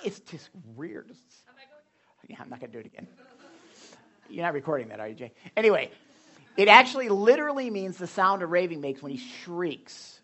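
A man preaching a casual, animated sermon, full of asides and jokes to the congregation. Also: sits high, brisk. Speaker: pastor. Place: hot church room.

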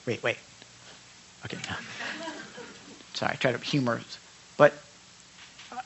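A man's voice: medium pitch, a little slow, long pauses, a bit bright, a little hiss or hum, poor audio. A man preaching a sermon, conversational with asides, who acts out quoted voices with animation. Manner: conversational asides, self-corrections. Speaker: pastor.

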